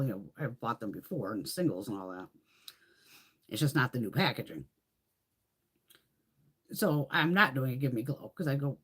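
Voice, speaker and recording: A woman's voice: rumbling low, expressive, moderate pace, long pauses, husky. A middle-aged woman hosting a casual beauty livestream, chatty and swearing freely as she tells stories.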